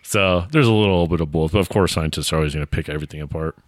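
A man's voice: extremely low pitch, very fast, no room sound, studio quality. A man chatting casually about a horror film he watched, laid-back and full of fillers, now and then quoting the characters. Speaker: podcast co-host. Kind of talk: casual movie review chat.

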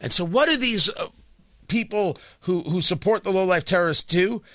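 High, bright-voiced sarcastic talk radio host. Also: male voice, normal speed, dry recording, clean studio sound. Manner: sarcastic, combative. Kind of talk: political talk radio monologue.

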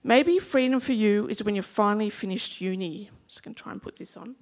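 A woman's voice: medium pitch, brisk, a little mellow. A woman in her fifties with an Australian accent, preaching a sermon in a chatty, humorous way and drawing in the congregation. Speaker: pastor.

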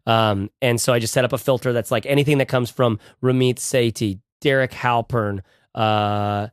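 A male podcast co-host chatting casually, animated and playful, talking in quick bursts. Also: mid-range voice, smooth, no echo, clean studio sound. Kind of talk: casual chat.

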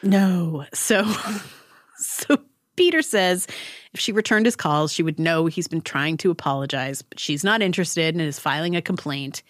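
A woman's voice: low voice, animated, normal speed, no room sound, clean studio sound. Wry woman recapping a TV episode. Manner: wry, sarcastic, laughs often. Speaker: podcast co-host.

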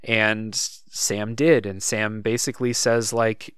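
A man's voice: lowish voice, takes it slowly, clear, resonant tone, dry recording, studio quality. A man in casual podcast chat, recounting a game's story with lots of fillers and restarts. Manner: relaxed, thinks aloud with many fillers. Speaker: podcast co-host.

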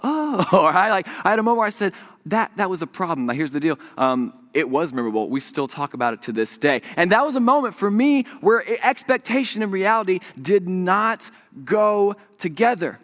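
A young man preaching a sermon, telling a story with animated swings from hushed to loud. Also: sits high. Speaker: pastor.

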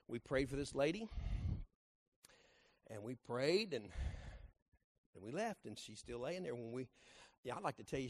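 A middle-aged man, a pastor telling a folksy story in his sermon and driving it to loud, emphatic peaks. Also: medium pitch, big pitch swings, moderate pace, pauses often.

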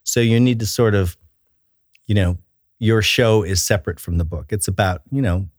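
A middle-aged man, a children's book author and illustrator, chatting in a relaxed interview and telling stories with enthusiasm and many restarts. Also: lowish voice, normal speed, no room sound, clean studio sound.

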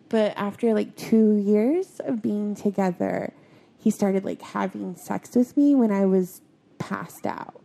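A young adult woman talking in a halting, soft-spoken way, her sentences full of filler words, in a confessional conversation. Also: mid-range voice, gravelly.

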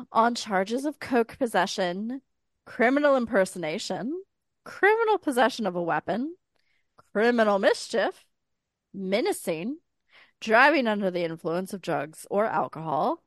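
A woman in her thirties co-hosting a podcast, retelling a life story in casual chat with a smooth public-radio style voice and wry, deadpan asides. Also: medium pitch, a little slow, dry recording. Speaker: podcast co-host.

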